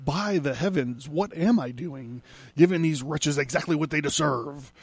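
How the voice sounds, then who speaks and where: A man's voice: on the high side, moderate pace, slightly rough, dry recording. A man voicing an imperious, cold male cosmic tyrant from a comic book, reading the lines aloud in a lightly theatrical tone. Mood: brooding.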